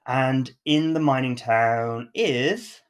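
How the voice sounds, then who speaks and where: A man's voice: medium pitch, slow, clean tone. A man co-hosting a podcast, chatting casually and enthusiastically about films, rambling with frequent restarts. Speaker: podcast co-host. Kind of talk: casual film chat.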